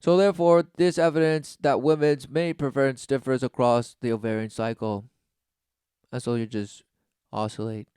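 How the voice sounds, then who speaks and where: A man preaching in a sarcastic, scoffing manner, reading out text and then picking it apart. His voice is very clear and smooth, recorded dry and close, at a medium pitch. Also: steady tone, moderate pace, a little mellow, dry recording. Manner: sarcastic, mocking; reads study text aloud, then scoffs. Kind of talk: preaching commentary.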